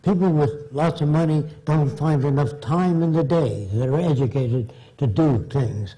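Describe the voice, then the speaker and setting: A man's voice: a little high, moderate pace, dark tone, poor audio. An older man giving a lecture answer full of anecdotes, blunt and storytelling, acting out the people he quotes.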